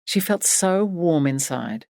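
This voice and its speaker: A woman narrating an audiobook in a measured, expressive reading. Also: on the low side, creaky, no room sound, clean studio sound. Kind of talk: scripted narration.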